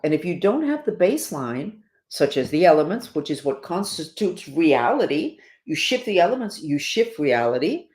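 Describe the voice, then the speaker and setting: Animated, preachy woman host. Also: on the low side. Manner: emphatic and preachy, swinging up and down. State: has the hiccups. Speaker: podcast host. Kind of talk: casual spiritual talk to listeners. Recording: roomy echo.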